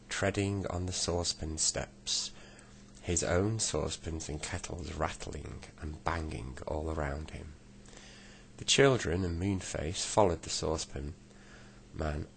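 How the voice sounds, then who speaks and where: A man reading a children's storybook aloud at an unhurried pace, now and then slipping and correcting himself. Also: extremely low pitch, gravelly, a little hiss or hum. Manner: unhurried, with small slips and self-corrections.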